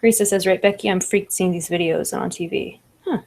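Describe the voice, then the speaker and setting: A woman's voice: lowish voice, fairly quick, darkish tone. A woman hosting a livestream, reading chat comments aloud and chatting casually with lots of laughs. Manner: laughs often, fillers like "like" and "I don't know".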